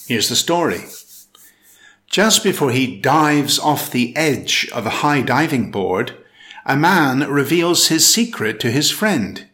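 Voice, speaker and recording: Man, vocabulary lesson narration, slow deliberate pace, bright lively voice. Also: mid-range voice. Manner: slow, deliberate, spells out stress and syllables. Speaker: English vocabulary teacher.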